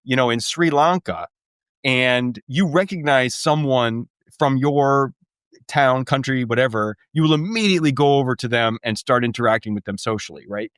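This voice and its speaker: A male author who is a guest on a podcast, explaining ideas in a measured, lecturing way. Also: mid-range voice, a bit bright, clean tone, no echo, studio quality. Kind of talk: explanatory interview talk.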